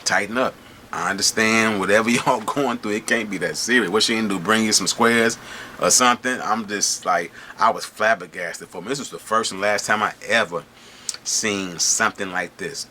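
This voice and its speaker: Brief: middle-aged man, lowish forceful voice, animated slangy storyteller who keeps asking if you follow. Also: moderate pace, slight background noise. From Michigan. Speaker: host telling prison stories. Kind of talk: casual storytelling to camera.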